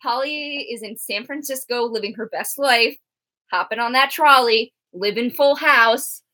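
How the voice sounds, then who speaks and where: A young woman co-hosting a casual TV recap chat, animated and laughing often as she acts out characters. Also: a little high, measured pace. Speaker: co-host.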